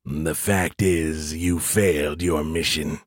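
A man voicing a cold, menacing male alien AI that speaks in a slow, mechanical way for an audiobook. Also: rumbling low, fairly even intonation, slightly rough, no echo, studio quality, pitched below the performer's own voice, full character voice.

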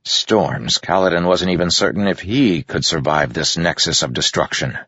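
A man narrating a fantasy audiobook with a steady, measured reading, in a dull, dry recording. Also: low voice, slightly rough.

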